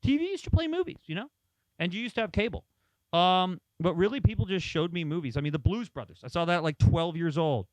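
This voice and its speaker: A man with a somewhat high voice tells long, rambling stories in a casual chat and acts out the people he quotes. The sound is dry and close, with no room echo. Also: expressive, fairly quick. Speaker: podcast co-host.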